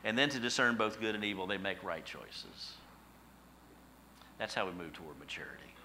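A middle-aged male pastor preaching a sermon, telling stories with emphatic, animated repetition. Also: deep voice, normal speed, slight background noise, low-quality recording.

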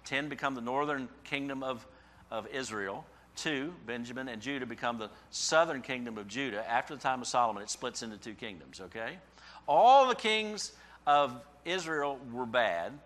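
A man's voice: medium pitch, fairly quick, sharp tone. A man preaching a sermon in a conversational way who often checks in with "okay?" and rises sharply when he voices a prophet's cries. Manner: conversational asides ending in "okay?". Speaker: pastor.

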